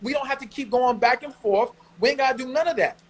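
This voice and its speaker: A man's voice: very high-pitched, fast, poor audio. A man with a New York accent giving blunt relationship advice on a podcast, emphatic and slangy. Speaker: podcast co-host. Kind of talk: casual advice chat.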